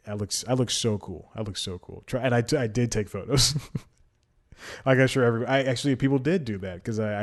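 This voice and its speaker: Guy hosting his own podcast, kinda low voice, rambly and chuckly, keeps cutting himself off. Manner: rambling, self-interrupting, laughs at himself. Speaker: podcast host. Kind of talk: casual solo podcast chat.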